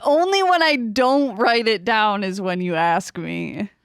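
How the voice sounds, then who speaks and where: Slow, laid-back woman with a smooth voice. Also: mid-range voice, no echo, clean studio sound. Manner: laid-back, blunt, swears casually. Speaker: podcast co-host. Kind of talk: casual chat. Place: at home.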